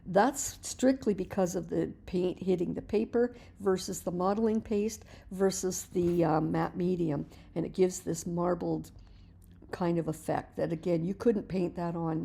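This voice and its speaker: Woman, middle-aged, art lesson voice-over, gravelly, mellow, chatty with restarts. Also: fairly low pitch. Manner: relaxed, chatty, explains while working, repeats words as she restarts. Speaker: art teacher. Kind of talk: painting tutorial voice-over.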